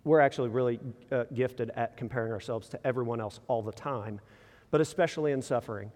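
A man preaching a sermon in a casual, conversational way, full of rhetorical questions and quick restarts. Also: mid-range voice, a little mellow. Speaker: pastor. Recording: long reverb in a large hall.

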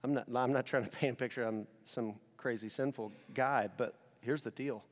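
A male pastor preaching a sermon in a conversational, animated way, alternating between loud emphasis and quiet, intense passages. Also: mid-range voice, normal speed, big-room sound. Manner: casual conversational asides.

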